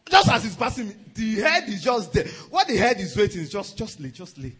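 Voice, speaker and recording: A pastor preaches in a high, lively voice that leaps up and down. His tone is bright with a husky edge, and he chuckles often as he drives his points home. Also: a little fast. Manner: animated preaching, often chuckling, repeats "let me tell you". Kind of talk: sermon.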